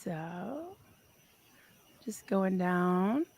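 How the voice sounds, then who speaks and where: A woman co-hosting a live stream in casual chat, bubbly and quick to laugh, reading viewer comments aloud. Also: medium pitch, very animated, a little mellow, no echo. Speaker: livestream co-host.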